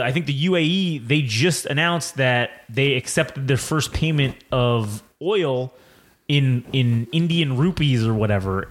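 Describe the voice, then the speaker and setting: A man co-hosting a podcast, chatting casually in an emphatic, profane, riffing way. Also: mid-range voice. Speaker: podcast co-host. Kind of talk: casual chat.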